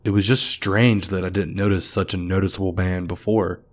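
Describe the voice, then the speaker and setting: A man reading a creepypasta as narrator in a measured, somber storytelling manner. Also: low-pitched, flat delivery. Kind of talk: scripted horror narration.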